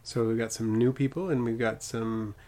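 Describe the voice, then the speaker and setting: A man's voice: medium pitch, fairly even intonation, moderate pace, warm tone. A man co-hosting a podcast in casual chat on a studio microphone, easygoing and laughing often. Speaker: podcast co-host.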